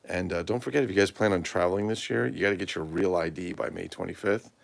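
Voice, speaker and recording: A man's voice: sits low, fast talker, gravelly, no room sound. A tired man chatting casually and rambling on a livestream, swearing freely. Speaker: toy collector livestream host.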